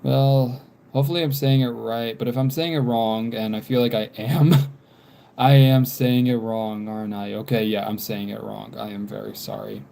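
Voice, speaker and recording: This drawing vlogger, a twenty-something American guy, rambles through casual talk while sketching on a livestream, often circling back to the same points and filling gaps with ums. He speaks at a normal speed in a medium-pitched voice that's gravelly yet mellow, with fairly even intonation.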